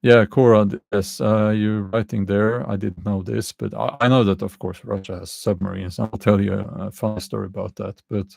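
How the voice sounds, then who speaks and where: A man with a non-native English accent, hosting a casual livestream and answering chat comments in a halting way, with many fillers and frequent chuckles. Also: lowish voice, fairly even intonation, creaky, a little mellow, no room sound. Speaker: channel host answering live chat.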